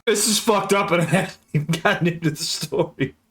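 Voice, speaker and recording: A man's voice: a little high, a little fast, fairly bright tone. A man hosting a reaction video, making blunt, profane asides with casual laughter.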